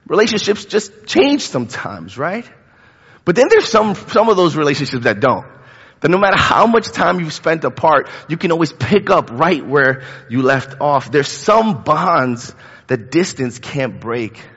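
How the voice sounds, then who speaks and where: A man's voice: fairly high pitch, big pitch swings, measured pace, fairly bright tone, slightly rough. A man in his thirties preaching a casual, conversational sermon, talking in a chatty way with frequent fillers and repeated words. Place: church sanctuary. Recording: dull lo-fi with long hall reverb.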